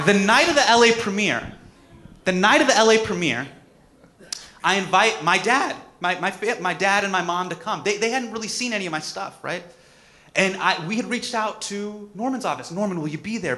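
A comedian in his thirties giving a personal tribute speech, telling a story with lively acted-out moments. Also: sits high. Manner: animated storytelling, acts out quotes.

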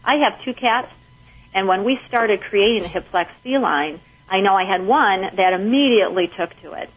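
A woman's voice: medium pitch, moderate pace, breathy edge, dull audio. Upbeat woman explaining a pet product. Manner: upbeat, informative. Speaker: guest, pet supplement maker. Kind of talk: radio interview.

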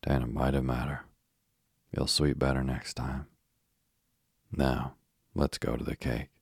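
A man's voice: extremely low pitch, little pitch movement, a little slow, creaky, breathy edge, no echo, studio quality, heavily acted. A man voicing a deaf, fussy, kindly old village woman in a bedtime story, with homely country talk.

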